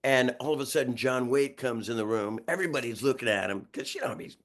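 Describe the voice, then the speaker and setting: A man in his sixties from New York, a guest musician telling road stories in a lively, rambling way with frequent chuckles and restarted sentences. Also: mid-range voice, quick pace. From New York, USA. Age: 60s. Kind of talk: casual storytelling interview.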